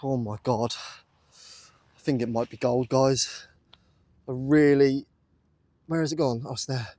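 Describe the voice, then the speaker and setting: A man's voice: mid-range voice, steady tone, a little slow, warm tone, no echo. A British man vlogging outdoors in a muddy field while metal detecting, breathless and awestruck, repeating exclamations as he talks to his viewers. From United Kingdom. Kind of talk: excited outdoor vlog commentary. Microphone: camera on a tripod.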